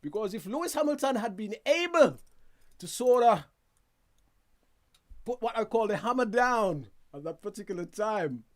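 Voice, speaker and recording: A man hosting a casual news roundup from a studio, chatty and quick to laugh at himself, with asides to his viewers. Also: sits high, big pitch swings. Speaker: news show host.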